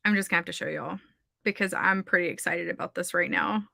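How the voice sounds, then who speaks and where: A woman's voice: on the low side, fast, creaky, pushed and bright. A woman, hosting a livestream of writing sprints in a chatty way and reading out viewer comments. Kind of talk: casual livestream chat.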